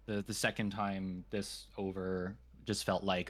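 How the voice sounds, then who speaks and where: A man's voice: fairly low pitch, animated, a little slow, hardly any pauses. A man being coached in voice acting, reflecting in a hesitant, casual way. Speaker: voice acting student. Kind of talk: coaching session.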